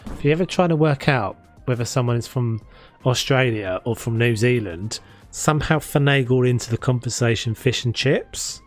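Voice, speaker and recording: A man's voice: medium pitch, normal speed. Guy rambling away while gaming, lots of restarts, bit of music under it. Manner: rambling, chatty, many restarts. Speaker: gaming streamer. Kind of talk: casual chat while playing. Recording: faint music behind.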